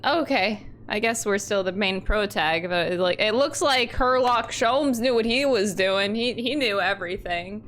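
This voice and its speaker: A woman's voice: medium pitch, a little slow, few pauses, a bit bright, a little hiss or hum. A woman streaming a video game, reacting dramatically and reading the game's dialogue aloud. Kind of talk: game let's play commentary.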